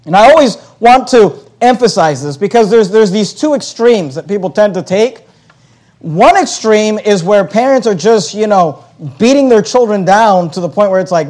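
A man's voice: sits high, lively intonation, normal speed, a little mellow. A pastor preaching a sermon in a conversational way, often stumbling and restarting his phrases.

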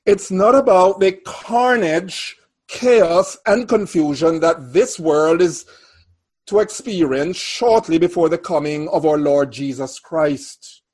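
A man preaching a sermon, reading scripture aloud and then expounding on it in a measured, deliberate way. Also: a little high, darkish tone. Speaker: pastor.

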